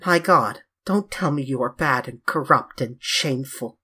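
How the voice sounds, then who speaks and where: A reader voicing a grave, earnest male painter who pleads and reproaches his young friend, with a husky tone. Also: mid-range voice, moderate pace, pushed and bright. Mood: pleading.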